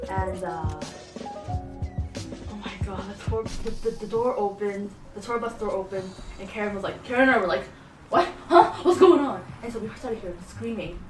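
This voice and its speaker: A young woman vlogger with a hoarse voice, rambling through a fan story with lots of fillers and giggles. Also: mid-range voice. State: hoarse from screaming. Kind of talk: casual fan vlog storytelling. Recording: echoey, from a distance, music behind.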